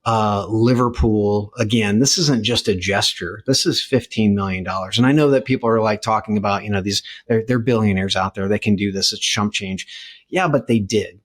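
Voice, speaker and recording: A man's voice: fairly low pitch, moderate pace. A man co-hosting a podcast, chatting casually with many fillers and restarts. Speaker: podcast co-host. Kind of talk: casual chat.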